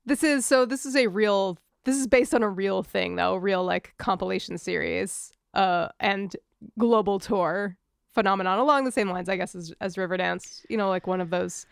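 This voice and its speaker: A woman's voice: mid-range voice, creaky, clean tone, dry recording, studio quality. A woman co-hosting a casual podcast, wry and chatty, who is sick at the moment. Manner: wry, chatty, quick to laugh. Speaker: podcast co-host.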